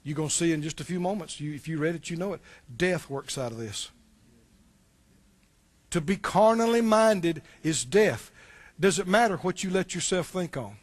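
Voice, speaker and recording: A male pastor preaching a sermon, animated and full of rhetorical questions. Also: on the high side, normal speed.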